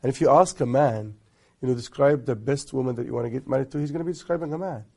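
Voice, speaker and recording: A man from Egypt speaks with a deep gravel in his voice, husky and mellow in tone. He is a guest sheikh, unhurried and soft-spoken, giving marriage advice through little stories with amused asides. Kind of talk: relaxed conversational advice.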